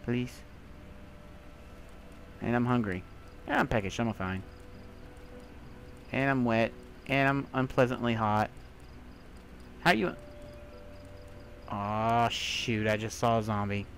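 A young man giving let's play commentary, talking to himself and breaking into panicked shouts, over faint game music. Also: mid-range voice, slow, pauses often, a little hiss or hum. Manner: jumpy, talks to himself, bursts into panicked shouts. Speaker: gaming video creator.

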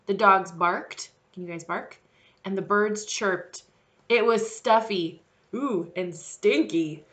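Slow, bright woman telling a children's story. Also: mid-range voice. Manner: animated, exclamatory, addresses kids directly. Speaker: children's message leader.

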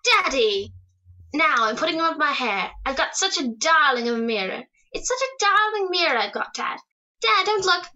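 A woman's voice: sits high, sing-song, moderate pace, pushed and bright, dull audio, full character voice. A woman voicing a playful, affectionate teenage daughter in a radio drama, teasing and bubbly. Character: playful, adoring teenage daughter putting her hair up.

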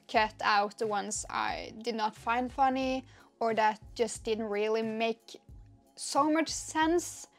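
A young woman chatting casually and reading stories aloud on her channel, giggly and excitable. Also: high-pitched. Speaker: YouTuber. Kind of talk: casual vlog chat and story reading.

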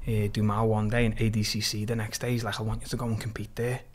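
A man from Liverpool with a Scouse accent, a podcast guest lively retelling his story with quoted dialogue and plenty of swearing. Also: fairly low pitch, fast talker. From Liverpool, England. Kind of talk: casual storytelling interview.

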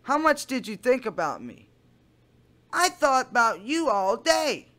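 A giddy, eager young girl chatting online, as a man puts her on. Her high voice swings up and down, bright and bubbly. She answers in a sing-song lilt. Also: big pitch swings, a little slow, full character voice. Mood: gushing.

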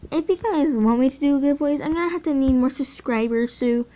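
A teenage girl chatting casually over gameplay, easily excited and often trailing off mid-sentence. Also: high voice, brisk, a little hiss or hum. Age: teens. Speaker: gaming channel host. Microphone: phone mic. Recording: dull lo-fi phone audio.

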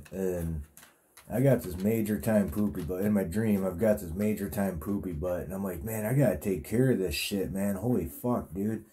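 Low and mellow, a man's voice carries a vlogger's account of a dream. He meanders through it casually, crude and profane, with plenty of fillers.

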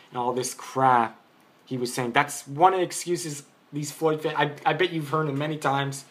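A man's voice: a little high, fairly even intonation, moderate pace. A man giving an unscripted boxing opinion in a vlog, arguing his point, rambling and restarting his sentences. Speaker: boxing commentator.

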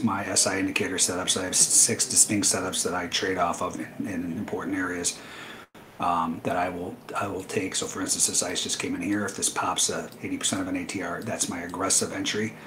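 A man's voice: sits low, flat delivery, brisk, background noise. A man hosting a live trading webinar, talking casually through his trades with lots of fillers and a dry, sarcastic edge. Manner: loose, rambling, many fillers, dry sarcasm.

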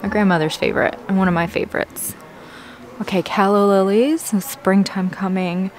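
A woman plant vlogger chatting casually as she browses a big box store garden center, easily excited. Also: medium pitch, normal speed. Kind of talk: casual walk-through narration.

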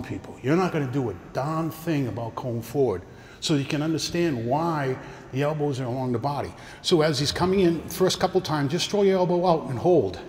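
A man's voice: fairly high pitch, darkish tone, a little hiss or hum. An older man teaching a karate seminar, explaining techniques and walking his students through partner drills. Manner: coaching, talks through demonstrations with partners. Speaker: karate instructor. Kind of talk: teaching a martial arts seminar. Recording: echoey hall with long reverb, faint ambience.

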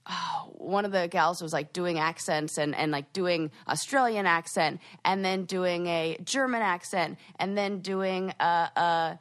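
A woman co-hosting a podcast in casual chat, rambling with lots of fillers and restarts and jumping up in pitch when she quotes herself. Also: a little slow, hardly any pauses. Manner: lively, jumps up in pitch for quoted asides. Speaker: podcast co-host.

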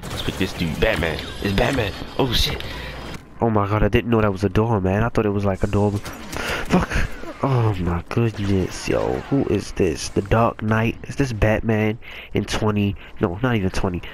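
A young man giving casual, excitable gameplay commentary, yelping and cussing at the game. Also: lowish voice, moderate pace, background noise. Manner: excitable, yelps and cusses at the game. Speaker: gaming YouTuber.

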